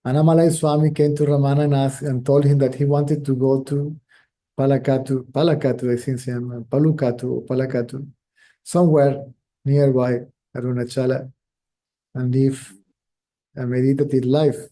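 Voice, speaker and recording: A middle-aged teacher whose first language is Spanish gives a reflective spiritual talk, speaking slowly and carefully and repeating phrases as he hunts for words. His mid-range voice is dark and flat in delivery.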